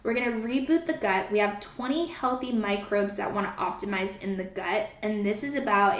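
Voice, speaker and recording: A woman's voice: mid-range voice, normal speed, hardly any pauses. Woman healer guiding a group session. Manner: soothing, greets viewers by name, many fillers. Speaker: energy healer leading a live group session. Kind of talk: live-streamed guided healing session. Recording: roomy, dull lo-fi sound.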